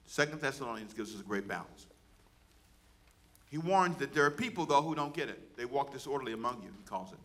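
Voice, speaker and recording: A man's voice: fairly high pitch, animated, fairly quick, pauses often. A man, a pastor, preaching a sermon and calling on the congregation to repeat words back to him. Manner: preaching with call-and-response to the congregation; loud, rising exhortation.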